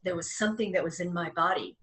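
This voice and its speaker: A woman guest in a casual chat, an animated storyteller who laughs often. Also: on the low side, fast talker. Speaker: psychic channeler guest.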